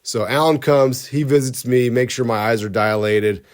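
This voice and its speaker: A man's voice: medium pitch, normal speed. A man co-hosting a podcast who tells a story in a casual, comic, rambling way and often cuts himself off mid-sentence. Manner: rambling, self-interrupting, comic. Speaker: podcast co-host.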